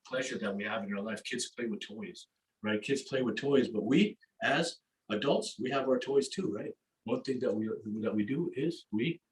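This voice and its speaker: Animated man lecturing in an echoey hall. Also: a little high. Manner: conversational, keeps asking "right?", retells a game excitedly. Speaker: lecturer at a religious gathering. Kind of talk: animated religious lecture with storytelling. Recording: echoey hall, mic at a distance.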